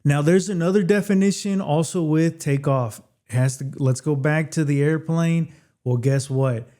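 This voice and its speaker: A man teaching English phrasal verbs in a casual video lesson, chatty and repeating phrases slowly for learners. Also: a little high, mellow.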